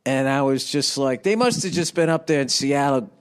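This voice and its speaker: A man's voice: mid-range voice, normal speed, clean tone. A middle-aged man hosting a podcast, ranting in a profane, rambling comedic monologue into a studio microphone and slipping into silly voices. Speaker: podcast host. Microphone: studio microphone with windscreen.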